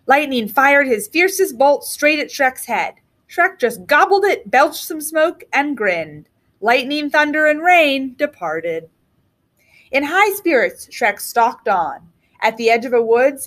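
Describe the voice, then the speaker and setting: A woman teacher reading a picture book aloud to children with expressive storytelling. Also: a little high, a little slow.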